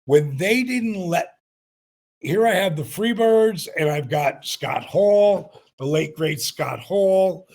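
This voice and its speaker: A man in his sixties, a retired wrestler being interviewed, telling animated stories. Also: high voice, slow pace. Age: 60s. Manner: animated anecdotes, acts out quotes. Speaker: guest, retired pro wrestler. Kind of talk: storytelling interview.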